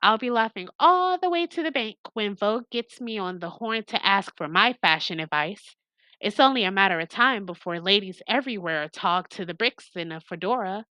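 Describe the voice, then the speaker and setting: A woman voicing a cocky, quick-witted young woman who boasts with a joke, reading a visual novel aloud. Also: mid-range voice, lively intonation, sharp tone, no room sound, dull audio. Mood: boastful. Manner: boastful and joking.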